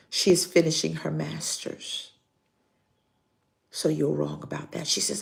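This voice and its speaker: Slow, gravelly older woman pastor preaching. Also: sits low. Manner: slow, preaching with dramatic pauses and acted-out stories. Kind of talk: live-streamed sermon.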